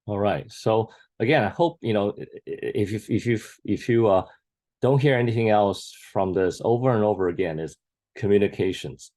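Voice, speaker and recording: A middle-aged male pastor tells a teaching story in a lowish, earnest voice. He often repeats and restarts his words as he goes. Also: moderate pace, warm tone. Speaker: senior pastor. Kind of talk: teaching anecdote in panel talk.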